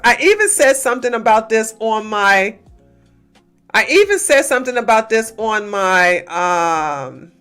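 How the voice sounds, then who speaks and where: A woman from the US, hosting a casual livestream and talking emphatically to her chat. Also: on the high side. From Georgia, USA. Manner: animated, emphatic, talks to chat, swings between loud outbursts and muttering. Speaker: livestream host.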